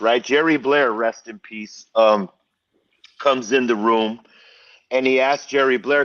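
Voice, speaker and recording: A middle-aged man telling a casual story as a guest, in an animated way, swearing and restarting often. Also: medium pitch, dry recording. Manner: animated, profane, full of restarts. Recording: dull, slightly distant, dry sound.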